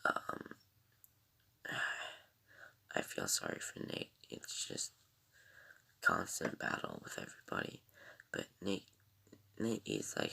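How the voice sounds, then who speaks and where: A man's voice: very deep voice, huge pitch swings, slow pace, vocal fry, long pauses, bright, forceful tone, husky. A man reviewing a TV episode in casual, rambling chat, full of ums and sighs.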